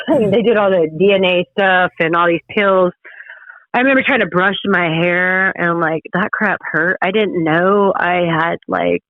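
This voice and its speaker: A woman guest telling her story in an interview, halting and emotional with frequent restarts. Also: lowish voice, dry recording. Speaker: podcast guest. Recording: tinny phone-line sound.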